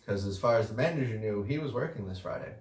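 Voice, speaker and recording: A man's voice: on the low side, lively intonation, quick pace, a little mellow. A man co-hosting a casual podcast about restaurant work, telling a story in a laid-back, profane way with the odd chuckle. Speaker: podcast co-host, restaurant worker. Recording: roomy, distant mic.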